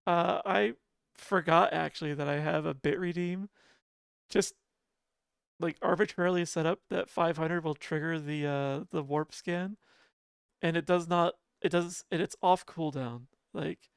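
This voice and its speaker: Smooth-voiced, chatty streamer. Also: medium pitch, no room sound, clean studio sound. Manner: laughs often, chatty and self-deprecating. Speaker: livestreamer. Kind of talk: casual livestream chat with viewers. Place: home apartment.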